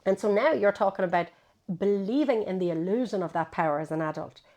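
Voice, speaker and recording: A woman, a psychotherapist guest explaining ideas in an interview, animated and acting out quoted voices. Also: mid-range voice, fast.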